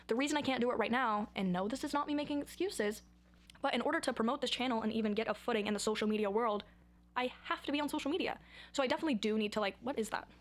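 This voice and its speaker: A young woman chatting to camera in a rambling, goofy, self-mocking way about her own habits. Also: mid-range voice. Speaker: vlogger. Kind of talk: casual chat to camera.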